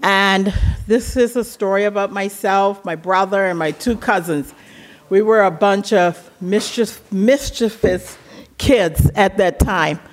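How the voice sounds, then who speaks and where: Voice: mid-range voice, slow pace. A speaker casually telling a childhood story, laughing now and then. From Bermuda. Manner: relaxed, laughs while telling, acts out voices.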